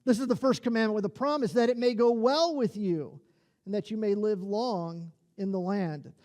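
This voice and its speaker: A man's voice: high-pitched, normal speed, darkish tone. A male lead pastor with an Upper Midwest American accent, preaching a conversational sermon, chuckling at his own jokes and repeating key lines.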